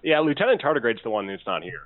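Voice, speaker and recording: A man's voice: medium pitch, very animated, fast talker. A man playing a starship captain in a tabletop game, giving orders decisively. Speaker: player as ship's captain. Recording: tinny voice call audio.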